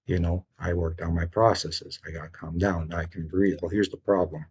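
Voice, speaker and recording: Very husky deep-voiced man ranting. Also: fairly even intonation, moderate pace, hardly any pauses, darkish tone, lo-fi sound. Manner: agitated, rambling, swears often. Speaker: vlogger appealing for funds. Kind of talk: unscripted rant to camera.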